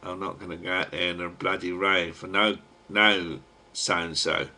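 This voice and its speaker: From home, a man with a low voice and a thick Cockney accent rambles casually to his webcam, wandering from topic to topic. He's gruff and slangy with the odd mild curse, speaking fairly quickly in a bright, forceful voice with a level tone.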